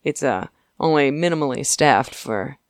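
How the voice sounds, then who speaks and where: A woman's voice: extremely low pitch, lively intonation, dry recording, studio quality. A woman co-hosting a podcast, chatting casually and rambling with lots of laughs as she recaps a TV episode. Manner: giggly, rambling, puts on quick character voices. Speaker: podcast co-host.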